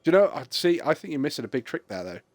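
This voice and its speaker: A man's voice: on the high side, big pitch swings, very fast, no echo, faint music behind. Male streamer host, loose storyteller who swears a lot and laughs at his own tales, dead dry mic. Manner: rambling, swears freely, laughs at own stories. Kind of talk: casual chat.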